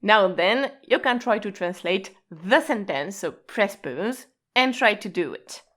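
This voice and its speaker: A woman gives a relaxed language lesson at an unhurried pace. She talks informally and patiently, and keeps checking that the listener understands. Her pitch sits in a typical middle range for a woman. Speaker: Japanese language teacher. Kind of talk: casual explanatory lesson.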